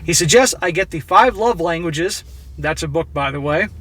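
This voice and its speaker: A man's voice: on the high side, lively intonation, normal speed, fairly bright tone. A man with a blunt, opinionated manner, reading a story aloud and adding his own commentary, speaking straight to his viewers. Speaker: relationship advice commentator.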